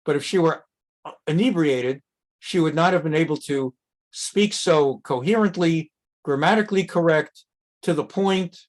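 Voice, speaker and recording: Animated rabbi teaching a text class. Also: male voice, normal speed. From America. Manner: reads Hebrew text and translates it with asides; animated, jumps up in pitch when acting out quotes. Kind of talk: conversational Torah class.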